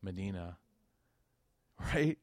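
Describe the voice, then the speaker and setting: A deep-voiced man speaks slowly in a casual religious lecture, with no echo on the recording. He tells a story and animatedly acts out its dialogue, dropping in slangy asides.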